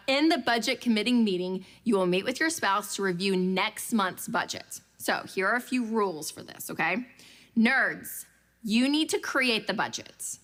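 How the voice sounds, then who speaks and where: A young adult woman giving a lively storytelling talk to a church audience about budgeting, acting out the voices she quotes. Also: medium pitch. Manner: animated, acts out quoted voices. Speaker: speaker at a church budgeting class.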